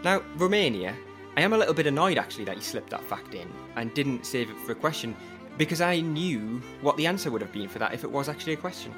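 A man's voice: mid-range voice, very animated, fast, over music. A man hosting a podcast, chatting in a playful, teasing way. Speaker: podcast host. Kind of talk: casual podcast chat.

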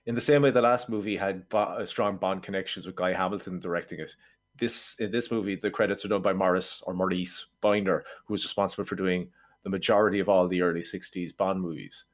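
Low-voiced wry man reviewing films. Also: steady tone, a little fast. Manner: wry, sardonic commentary. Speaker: film podcast co-host. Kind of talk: casual film review chat.

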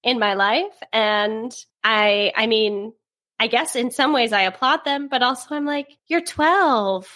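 A woman's voice: fairly high pitch, steady tone, measured pace, pushed and bright. A young adult woman co-hosting a podcast in casual chat, chatty and self-mocking, laughing often. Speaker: podcast co-host.

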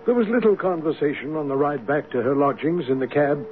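A man's voice: fairly high pitch, animated, a little fast, close to an everyday voice. A man playing a flustered, stammering doctor. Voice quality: hesitant, stammering manner. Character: flustered, loyal male doctor and narrator. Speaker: narrator. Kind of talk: 1970s radio drama acting and narration. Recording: tinny lo-fi radio broadcast with faint hiss.

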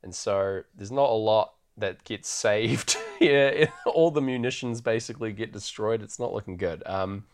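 Man, podcast host, casual rambling recap, laughs a lot, lowish voice. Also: measured pace, few pauses. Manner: laughs often, rambling, loose and irreverent. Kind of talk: casual film recap chat.

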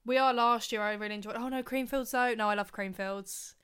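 A woman in her twenties co-hosting a casual podcast chat, slangy and quick to laugh, with a dry, sarcastic streak. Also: on the high side, fairly even intonation, a bit bright, smooth. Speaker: podcast co-host.

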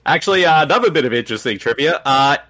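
A man's voice: on the high side, animated, very fast, sharp tone. A man co-hosting a podcast, chatting casually about a movie, laughing often and sharing film trivia. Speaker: podcast co-host. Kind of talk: casual movie commentary chat.

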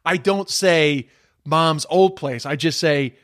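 A man's voice: on the high side, takes it slowly, dry recording. Dry-sounding man, reflective chat. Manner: reflective, stammers on restarts. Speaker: podcast host, comedian. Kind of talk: casual chat.

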